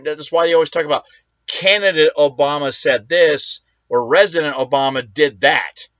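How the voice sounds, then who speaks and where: A man's voice: on the high side, bright, forceful tone, no echo, muffled recording. Profane ranting male talk show host. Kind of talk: solo political talk show monologue.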